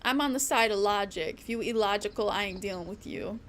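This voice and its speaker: Her medium-pitched voice moves fairly quickly, with a little hiss or hum on the audio. Streaming a game as a VTuber, she rants casually, bluntly and ramblingly, cursing often and laughing between lines.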